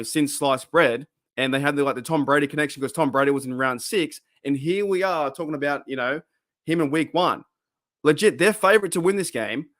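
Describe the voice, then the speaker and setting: A man hosting a fan livestream. He chats casually, rambles and gets excitable, greeting viewers by name. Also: fairly high pitch, no echo, studio quality. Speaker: host of a fan podcast livestream.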